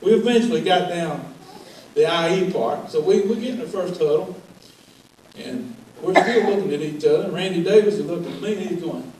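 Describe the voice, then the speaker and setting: A man's voice: high-pitched, brisk, darkish tone, a little hiss or hum. Older man roasting a coach. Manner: folksy, wry, laughs through the punchlines. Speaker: roast speaker, former player. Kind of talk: comedic roast storytelling. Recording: echoey hall, mic at a distance.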